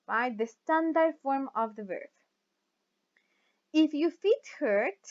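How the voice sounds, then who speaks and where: A woman whose first language is Spanish teaches an English lesson in a slow, deliberate way and keeps checking that her students follow along. Her voice sits a little high. The recording is dull and lo-fi, like basic video lesson audio. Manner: slow and deliberate, reads example sentences aloud and checks understanding with "right?". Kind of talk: recorded online grammar lesson.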